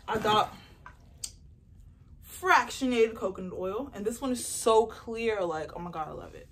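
A young woman chatting casually in an unboxing vlog, excitable and rambling as she talks about her beauty business, recorded on a phone. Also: a little high, measured pace, a little hiss or hum. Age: young adult. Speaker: beauty entrepreneur and vlogger. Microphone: phone camera mic.

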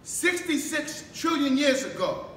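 In an echoing mosque hall, heard from a distant microphone over faint background noise, a minister gives a sermon in a sing-song, unhurried manner. His voice is very high, bright, and forceful, and he poses question after question, waits for replies, and climbs to shouting.

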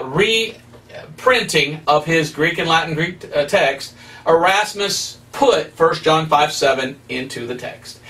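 A man's voice: a little high, a bit bright, far from the mic. A man preaching as an evangelist, teaching Scripture with emphatic, rising stresses. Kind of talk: preaching Bible study.

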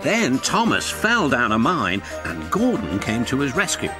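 Man, storybook narration, expressive, lively pitch, music clearly behind. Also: measured pace. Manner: expressive, animated reading.

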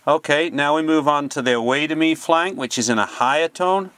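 A man, a sheepdog trainer, giving a plain, practical and unhurried instructional demonstration. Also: on the high side, noisy background.

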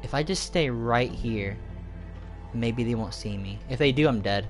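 A gaming host giving excitable let's play commentary, with shrieks and panicked outbursts. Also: medium pitch, measured pace, faint music behind.

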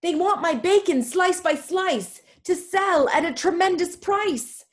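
A woman voicing a high, clever pig in a British accent. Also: expressive, unhurried. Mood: horrified. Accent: put-on British. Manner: dramatic, rising storybook delivery. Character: clever, brooding male pig. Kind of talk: reading a poem aloud.

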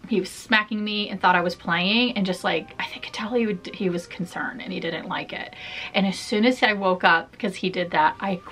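Chatty woman vlogger, bright clear tone, laughs easily, loose casual talk to camera. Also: medium pitch. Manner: chatty, open, laughs often, many fillers. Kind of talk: casual personal vlog talk.

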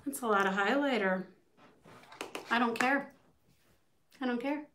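A woman's voice: on the high side, measured pace, a bit bright, slight background noise. Bubbly, casual woman beauty vlogger. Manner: bubbly, swears casually, talks to viewers and chat. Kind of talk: casual makeup tutorial chat.

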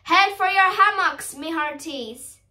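Brief: storybook cowardly pirate captain, fretful and raised, bright voice, distant mic done by a woman reader. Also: very high voice, takes it slowly, full character voice. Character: timid male pirate captain who loves knitting.

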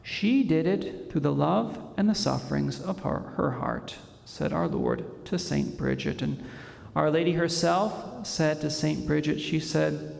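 Male priest, homily, measured and reverent, gravelly voice, long church echo. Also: a little high, darkish tone. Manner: measured, reverent delivery with frequent pauses.

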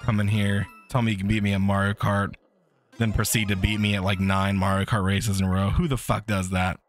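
A man's voice: flat delivery, fairly quick, faint music behind. Foul-mouthed man ranting over gameplay. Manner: foul-mouthed, ranting at the game, voice cracking high when frustrated. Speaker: streamer. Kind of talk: live gameplay commentary.

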